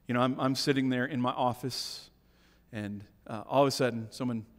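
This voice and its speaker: A middle-aged man preaching a sermon as a pastor, moving between hushed, intimate lines and emphatic, raised declarations, often checking in with the congregation. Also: medium pitch, steady tone, moderate pace. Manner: swings between hushed asides and emphatic raised lines, keeps asking "right?". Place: church sanctuary. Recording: long church reverb.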